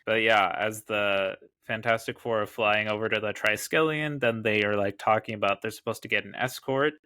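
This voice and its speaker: A man's voice: on the low side, fairly even intonation, normal speed, pushed and bright, smooth, no room sound. A man co-hosting a podcast about comics, chatting casually and reading lines aloud with playful voices. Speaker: podcast co-host.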